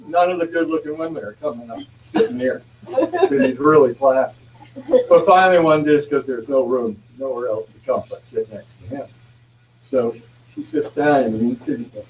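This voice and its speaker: A man's voice: medium pitch, normal speed, distant mic. A man from the audience telling a joke, acting out the voices. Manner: animated, acts out voices in the joke. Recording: roomy, off-mic with faint hum.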